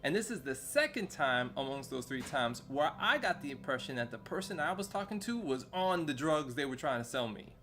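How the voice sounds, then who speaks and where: A man's voice: a little high, very animated, a little fast, hardly any pauses, fairly bright tone. A man streaming a video game, chatting in a loose, rambling way full of fillers and casual slang. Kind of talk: casual chat while streaming gameplay. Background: faint background music.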